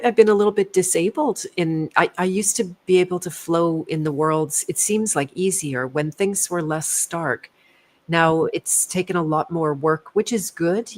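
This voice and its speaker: A middle-aged woman in casual conversation, reflective, laughing at herself as she tells a story. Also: low voice. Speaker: co-host.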